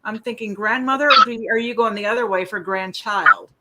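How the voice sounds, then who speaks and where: A woman's voice: mid-range voice, fairly quick, very noisy. A woman hosting a casual live stream, chatting and reading out viewers' questions. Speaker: host.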